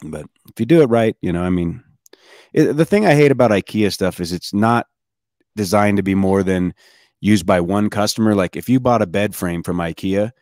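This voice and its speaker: A man's voice: fairly low pitch, normal speed, a little mellow, no echo. A man on a podcast panel chatting casually in a dry, matter-of-fact way. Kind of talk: casual chat.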